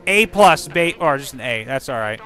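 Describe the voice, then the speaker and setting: A man giving casual let's-play commentary over a video game, excitable and profane, breaking into silly rhymes and sound effects. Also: mid-range voice, moderate pace, faint music behind. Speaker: gaming channel host.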